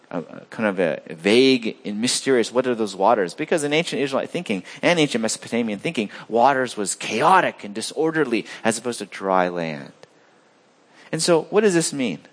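A man preaching a sermon as pastor of his church, swinging between loud emphatic lines and quiet low asides. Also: lively intonation, brisk.

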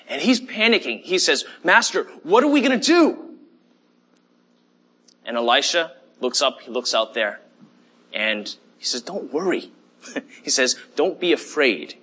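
Bright, husky-voiced man preaching. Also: mid-range voice. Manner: conversational preaching with fillers and "okay?" check-ins. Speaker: pastor. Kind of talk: sermon.

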